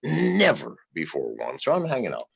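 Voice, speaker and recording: A man's voice: lowish voice, wildly swooping pitch, normal speed, creaky, breathy edge, no room sound. A man telling a profane, laughing story in a casual interview, on a dull, dry lo-fi recording.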